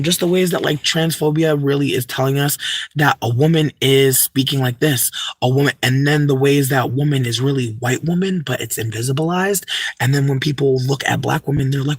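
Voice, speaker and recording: A man's voice: on the high side, moderate pace, breathy edge, no echo, clean studio sound. A young man talking casually to a livestream chat, ranting emphatically with lots of swearing and restarts. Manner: profane, emphatic, many fillers and restarts.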